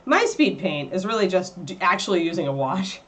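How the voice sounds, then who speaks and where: In a sing-song voice a little on the fast side, a woman hosts a livestream where she paints miniatures. Her chatter is casual and rambling, and she baby-talks her dog in a high voice.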